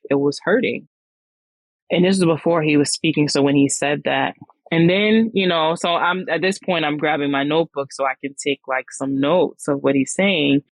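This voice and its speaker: A woman's voice: low voice, dry recording, poor audio. A woman hosting a podcast, telling a personal story in a candid, slangy way with frequent restarts. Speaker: podcast host.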